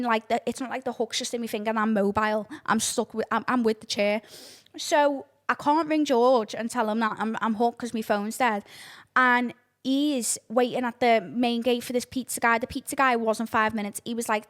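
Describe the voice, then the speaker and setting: Woman, young, fairly high voice, casual storytelling host, dramatic and sweary. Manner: breathless, dramatic oversharing, lots of swearing. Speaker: podcast host.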